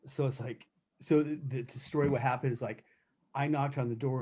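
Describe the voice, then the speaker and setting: Here the former corrections officer, now a middle-aged self-defense instructor, sounds mellow and slightly rough, his mid-range voice fairly even and a little fast. He keeps telling candid, profane stories in a relaxed live chat, restarting his sentences many times.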